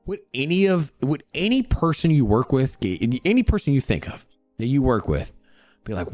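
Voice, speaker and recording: A man hosting a crypto show, ranting in a casual motivational way, animated and full of repeated words, acting out other people's voices. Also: mid-range voice, normal speed, dry recording, faint music behind. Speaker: crypto channel host.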